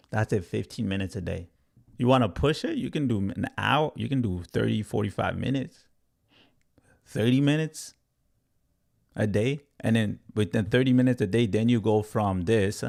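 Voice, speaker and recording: Man, thirties, low gravelly voice, animated streamer, keeps saying "right?" and "you guys". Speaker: crypto trading educator. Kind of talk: casual livestream rant to chat.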